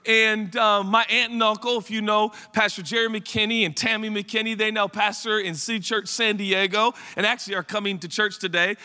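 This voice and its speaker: Chatty bright-voiced man preaching, hall echo. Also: high voice. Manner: animated and chatty, rambling asides to the congregation. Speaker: pastor. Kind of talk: storytelling sermon. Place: church sanctuary. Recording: long hall reverb.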